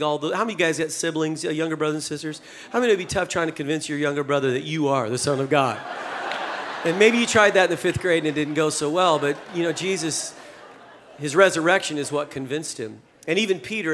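High-voiced man preaching a playful sermon. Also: quick pace, a bit bright, a little hiss or hum. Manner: conversational and humorous, acting out scripture dialogue. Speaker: pastor.

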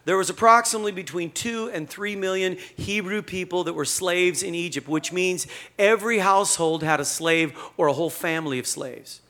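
A male pastor preaching a sermon in a conversational, animated storytelling manner. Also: high-pitched, fairly quick.

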